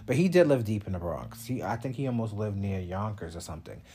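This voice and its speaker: A young man hosting a podcast, talking casually in a blunt, animated way and swearing freely. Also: lowish voice, fast, slight background noise. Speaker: podcast host. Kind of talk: casual monologue.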